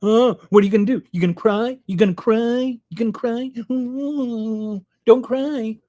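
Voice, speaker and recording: A sneering, singsong playground bully, as a man mimics him, pitched up high and jeering. The taunts are shrill and mocking. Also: measured pace, warm tone. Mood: taunting.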